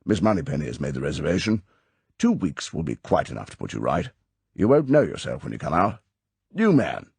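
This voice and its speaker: A man's voice: deep voice, very animated, moderate pace, gravelly, darkish tone, husky, no room sound, exaggerated voice. A man voicing a stern older male spymaster who lectures in a clipped, commanding way, from an audiobook reading. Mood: brisk.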